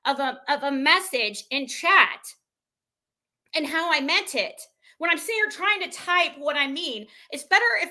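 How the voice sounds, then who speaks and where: A woman live streamer ranting in a heated, exasperated way, swearing and firing off quick outbursts. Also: high-pitched, pushed and bright. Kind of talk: heated livestream rant.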